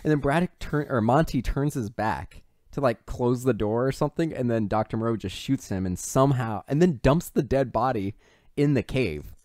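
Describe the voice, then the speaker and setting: A man's voice: medium pitch, normal speed, no echo. A man in casual podcast chat, walking through a film's plot with plenty of swearing and bits of quoted dialogue. His voice sits in a middle register. The sound is dry and close, with little room around it. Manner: profane, animated retelling with put-on character quotes. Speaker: podcast co-host. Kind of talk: casual movie recap chat.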